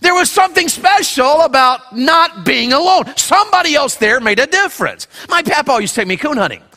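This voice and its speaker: A man's voice: very high-pitched, sing-song, normal speed, sharp tone, big-room sound. A male pastor preaching a sermon, telling a folksy personal story and acting out the voices in it.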